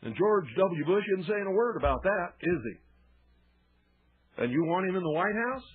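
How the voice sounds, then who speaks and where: An indignant male talk radio host delivers an emphatic monologue. His voice sits a little high and sounds husky. The broadcast is lo-fi and narrow, like a phone line. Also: lively intonation, measured pace.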